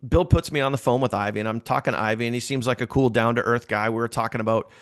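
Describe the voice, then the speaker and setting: Animated man telling a story, dry sound. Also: medium pitch, fast talker, no echo. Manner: animated, repeats phrases for emphasis. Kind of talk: casual storytelling to a team.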